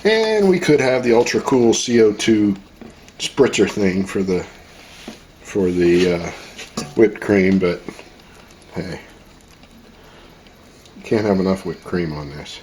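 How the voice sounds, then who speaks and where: A deep-voiced man runs a laid-back home cooking demo, talking casually as he works. He is chatty and quick to laugh off his own mistakes. Soft clatter of cutlery and dishes sits faintly behind him in the kitchen. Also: a little hiss or hum, rough recording. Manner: relaxed, chatty, self-deprecating. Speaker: home cooking show host.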